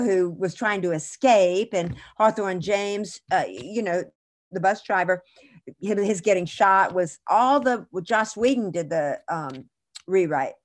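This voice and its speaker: A middle-aged woman guest in an interview, telling chatty, animated anecdotes with frequent restarts. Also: medium pitch. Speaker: actress guest. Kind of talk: casual interview storytelling.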